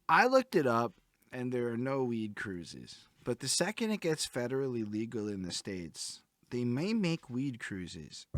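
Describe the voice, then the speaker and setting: A young male host chats with his guest in a teasing, jokey way. His pitch bounces around a lot. The sound is close and dry. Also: dry recording. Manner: teasing, jokey, acts out quotes. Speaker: interview host. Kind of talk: casual interview chat.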